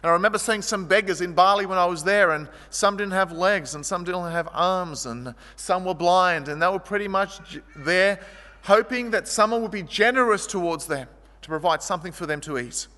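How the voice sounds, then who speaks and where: A man preaching a sermon, his voice pitched high and bright with a tense edge. He tells stories vividly, rising to loud, animated passages and dropping to quiet ones. The sound carries a long hall reverb. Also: moderate pace. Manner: storytelling, shifting from vivid and loud to quiet and low. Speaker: pastor.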